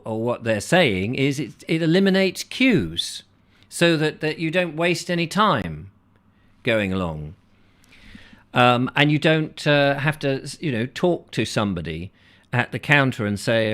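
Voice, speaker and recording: A man's voice: medium pitch, big pitch swings, unhurried, a bit bright. A middle-aged English man hosting a comic live chat show, rambling and acting out chatty shop exchanges. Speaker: host.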